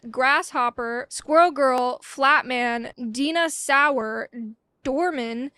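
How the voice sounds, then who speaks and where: High-voiced, mocking young woman. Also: slow pace, sharp tone, clear, resonant tone, no echo. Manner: mocking, chatty, giggly asides. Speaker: comic history vlogger. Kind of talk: sarcastic comedic commentary.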